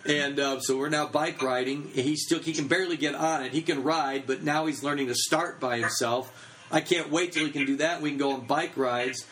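Chatty guy in his 30s, rambly teaching story, um and uh everywhere, a bit high-pitched. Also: fairly even intonation, a bit bright, a little hiss or hum, poor audio. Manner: quick, chatty, full of fillers and restarts. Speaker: children's ministry speaker. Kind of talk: anecdotal teaching talk.

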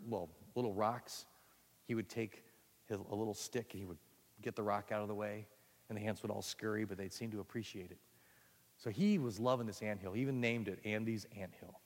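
A man telling a folksy story during a sermon, animated and conversational. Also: lowish voice, brisk. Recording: echoey hall.

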